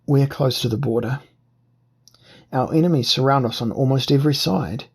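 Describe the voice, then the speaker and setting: A man voicing a calm, pompous aristocratic officer who questions a traveler. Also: medium pitch, normal speed, breathy edge. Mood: pompous, suspicious. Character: haughty male aristocratic revolutionary officer.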